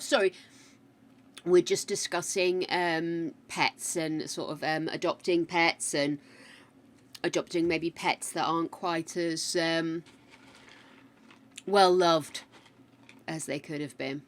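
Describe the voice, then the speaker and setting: A woman's voice: fairly low pitch, steady tone, slow pace, pauses often. A British woman streaming a game, rambling chattily through a story and answering her chat. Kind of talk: casual chat while gaming.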